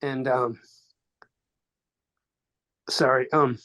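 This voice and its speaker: A man telling a personal story as a podcast guest, in halting phrases with restarts, acting out quoted dialogue. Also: medium pitch, fairly even intonation, fairly bright tone.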